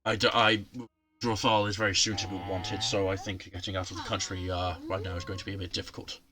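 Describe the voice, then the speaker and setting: A man's voice: sits low, little pitch movement, fast, a crowd in the background, lightly acted. A man voicing a secretive guild leader in a tabletop game, stumbling over his words. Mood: stern.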